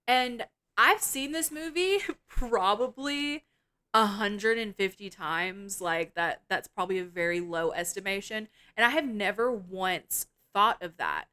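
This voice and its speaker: Woman podcast co-host, bright and clear, blunt and profane, animated scene recaps. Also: mid-range voice, measured pace. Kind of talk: casual film review chat.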